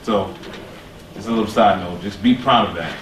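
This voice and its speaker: Man, panelist, casual and animated, noisy distant hall recording. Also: fairly low pitch, normal speed. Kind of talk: round table conversation. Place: library event hall. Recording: echoey hall from far off, noisy.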